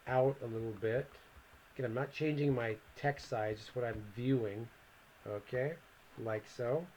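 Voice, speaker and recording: Man talking through a software tutorial. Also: medium pitch, dull audio. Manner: relaxed step-by-step walkthrough, thinking aloud. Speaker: computer instructor. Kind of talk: screen-recorded software tutorial.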